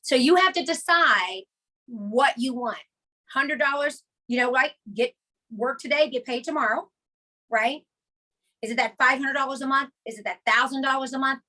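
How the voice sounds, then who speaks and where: A woman hosting a motivational team call, energetic and emphatic, repeating her key points with chatty asides. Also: high voice, moderate pace.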